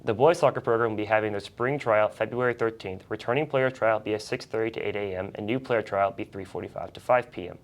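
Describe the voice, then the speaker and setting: A teenage co-host reads school announcements at a brisk clip. The voice sits mid-range and stays steady and even. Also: medium pitch. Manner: fast, steady reading. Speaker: student news co-host.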